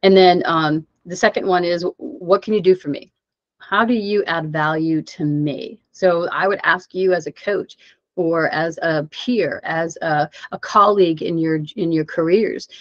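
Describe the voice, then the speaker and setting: A woman presenting a webinar for coaches. She speaks in an animated, conversational way and asks the audience many rhetorical questions. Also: on the low side, no echo. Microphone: video call mic. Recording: dull, dry webinar audio.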